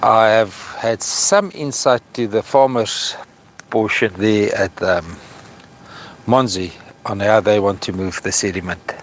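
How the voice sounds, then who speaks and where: A South African man vlogging outdoors at an estuary, speaking earnestly and with feeling, slowing down to stress his points. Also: lowish voice, a little hiss or hum. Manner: earnest, impassioned, slow when stressing points. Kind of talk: outdoor vlog commentary.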